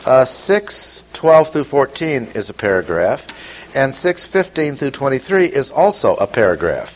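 A male Bible teacher works through a passage methodically, reading verses aloud and explaining them with rhetorical questions. His voice sits at a middle pitch. The recording is dull and lo-fi, with a faint hiss behind it. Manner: poses rhetorical questions to listeners. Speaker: preacher teaching scripture. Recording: dull lo-fi sound with faint noise.

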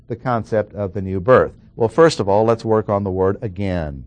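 A man's voice: on the low side, darkish tone, no echo. Emphatic preacher man, dry sound. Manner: emphatic, drawn-out stresses on key words, asks the audience questions. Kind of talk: sermon, Bible exposition.

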